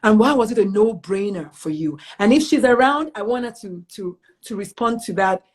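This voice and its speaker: A woman's voice: medium pitch, animated, normal speed, breathy edge. A woman hosting an online interview show, speaking in an effusive, gushing and emphatic way over a video call. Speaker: talk show host.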